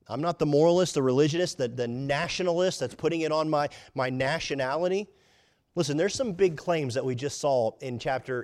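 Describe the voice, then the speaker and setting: A man's voice: fairly high pitch, a little mellow. A male pastor preaching a sermon, speaking emphatically, repeating words, and acting out people's inner thoughts.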